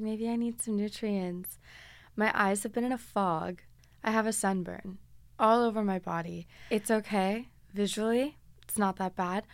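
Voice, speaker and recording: A woman's voice: medium pitch, dry recording. A young woman hosting her podcast, talking in a chatty, confiding, self-deprecating way, with stretches of upbeat sponsor reads. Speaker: podcast host. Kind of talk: casual podcast monologue with read ads.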